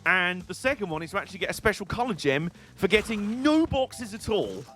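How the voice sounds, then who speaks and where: British man, game streamer, rambling jokey commentary, slightly high voice, faint game music behind. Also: big pitch swings, a little fast, fairly bright tone. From Britain. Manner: joking, rambling and irreverent. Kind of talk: casual gameplay commentary.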